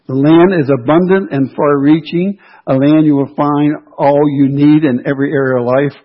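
A man preaching a sermon in a husky, slightly high voice. He drives his points home by repeating key phrases with emphasis. The recording sounds dull and lo-fi. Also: steady tone, moderate pace, hardly any pauses.

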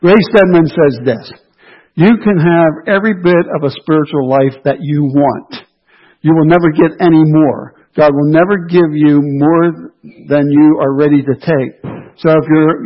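A man's voice: a little high, highs cut off. A man preaching a sermon, emphatic and repeating his key phrases for weight.

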